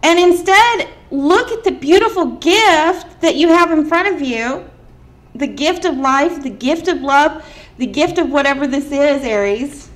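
A woman's voice: on the high side, unhurried, hardly any pauses, a little mellow, close to an everyday voice. A woman voicing a stern, no-nonsense spirit grandmother who scolds and urges with emphasis. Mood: scolding urging. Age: older.

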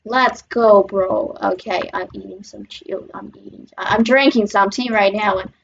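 A woman hosting a gaming channel, giving excitable, chatty running commentary on her gameplay with sudden squeals. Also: medium pitch, normal speed, gravelly, slightly rough, highs cut off.

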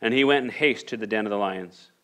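A man's voice: on the low side, fairly quick, a bit bright. A male pastor preaching a sermon, reading scripture aloud and building to emphatic rhetorical questions. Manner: repeats and restarts phrases while reading scripture aloud.

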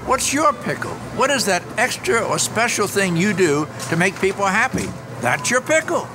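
An older man giving a motivational talk on customer service, an animated storyteller who acts out his anecdotes with punch before a live audience. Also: high-pitched, moderate pace, over music.

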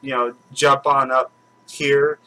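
A man with a bright, forward voice chats casually at home as host of his own channel. He rambles, circling back with fillers and restarts. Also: mid-range voice, flat delivery, takes it slowly, rough recording. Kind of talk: casual chat.

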